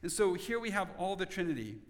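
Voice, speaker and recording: A man preaching a sermon as pastor, earnest, dropping to soft tones for emphasis. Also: high voice, big pitch swings, brisk, big-room sound.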